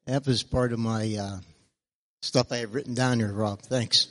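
A man's voice: medium pitch, fairly even intonation, normal speed, a bit bright. Hesitant man in an echoing hall. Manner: hesitant, with many fillers, earnest. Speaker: church service speaker. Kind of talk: personal devotional talk.

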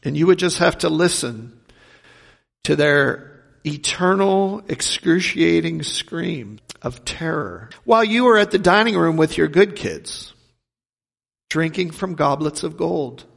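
A man's voice: a little high, lively intonation, slow, creaky. Preaching man in a reverberant hall. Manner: rhetorical questions, swings from loud to hushed. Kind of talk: sermon.

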